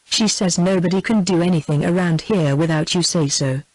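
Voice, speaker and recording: A synthetic woman's voice with a British English accent reads a novel aloud in an even machine delivery, sometimes speaking the word "comma". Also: lowish voice, moderate pace, no echo, rough recording. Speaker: audiobook narrator. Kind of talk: synthetic text-to-speech book reading.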